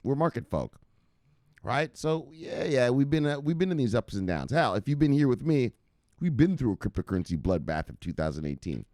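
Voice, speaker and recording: A man's voice: medium pitch, big pitch swings, a little fast, a little mellow, dry recording, studio quality. A man hosting a crypto news show, giving hyped and profane casual market commentary straight to his viewers.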